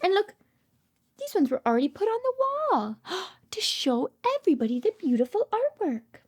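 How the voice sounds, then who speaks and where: A woman speech therapist reading a picture book aloud to toddlers, animated and sing-song, with frequent gasps and hushed whispered asides. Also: extremely high pitch, normal speed.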